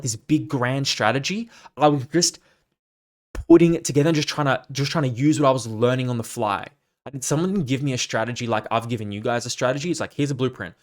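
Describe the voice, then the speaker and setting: A man hosting a casual monologue podcast, talking in a blunt, profane and rambling way about his coaching business. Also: mid-range voice. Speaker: fitness coach and podcast host.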